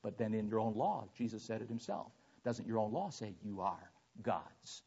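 A man's voice: on the low side, moderate pace, warm tone, husky. A man preaching a sermon to his congregation, reading scripture aloud and explaining it verse by verse. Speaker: pastor. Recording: dull lo-fi sermon recording.

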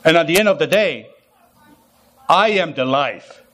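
Emphatic higher-voiced male preacher. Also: lively intonation, measured pace, fairly bright tone. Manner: emphatic, repeats phrases, asks the listeners rhetorical questions. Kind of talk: sermon.

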